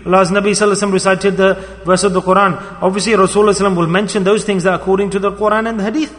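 A man's voice: sits high, level tone, very fast, a bit bright. A man delivering a sermon, telling a story with emphatic, rising and falling delivery. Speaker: preacher. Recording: long hall reverb.

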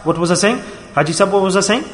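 Guy giving a sermon, talks fast, gets all emotional and humble, big roomy hall sound. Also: high voice, lively intonation. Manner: emotional, self-deprecating, pleading. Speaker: preacher. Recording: echoey hall.

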